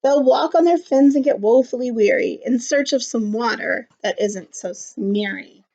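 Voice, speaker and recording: A grumpy little forest creature, as a woman puts him on for a storybook reading, scolds in a raised, cross, high voice. The recording is slightly muffled. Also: normal speed, creaky, warm tone. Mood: scolding.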